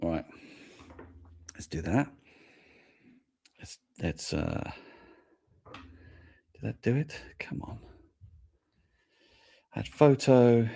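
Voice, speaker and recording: A man's voice: mid-range voice, expressive, extremely slow, creaky, pauses often, warm tone, breathy edge. A middle-aged man with an English accent, hosting a toy show in a loose, rambling live chat, thinking aloud and amused at himself. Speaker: toy podcast host. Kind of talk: casual live-stream chat.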